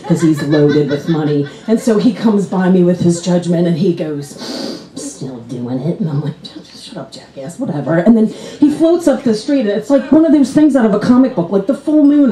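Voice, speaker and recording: On a club stage, a woman does stand-up, animatedly acting out characters from her stories with big leaps in pitch. She talks fairly fast with hardly any pauses, and the rough recording has a roomy sound.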